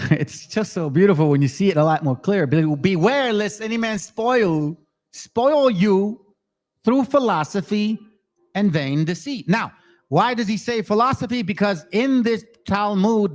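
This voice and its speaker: Excitable high-voiced man teaching scripture. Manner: excitable, repeats words, slangy, calls listeners family. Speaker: bible teacher. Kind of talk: casual scripture study talk.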